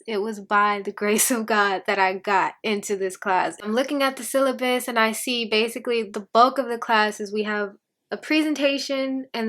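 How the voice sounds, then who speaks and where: A young adult woman vlogging a personal testimony, telling her story in an animated way, acting out the dialogue and laughing between phrases. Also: on the high side.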